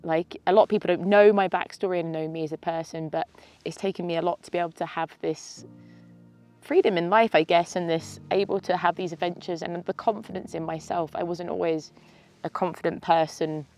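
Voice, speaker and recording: A woman in her thirties talks to camera from a mountain summit, her voice pitched a little low with a gravelly fry. She is teary and sniffly, sighing and laughing between her sentences. Soft music sits faintly beneath her. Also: fairly even intonation, a little fast. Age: 30s. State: teary with a snotty nose. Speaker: vlogger. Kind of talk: emotional casual vlog to camera.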